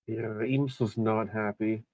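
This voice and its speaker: A man's voice: on the low side, fairly even intonation, a little slow, a little mellow, no echo. A man playing in a tabletop game, talking in a hesitant way with chuckles. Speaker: player.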